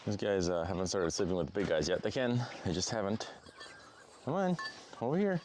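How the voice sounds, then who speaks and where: A man's voice: low voice, fast talker, darkish tone, slight background noise. A man hosting a casual vlog outdoors on a small farm, chatting along and cooing at his animals in playful baby talk. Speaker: homesteading channel host.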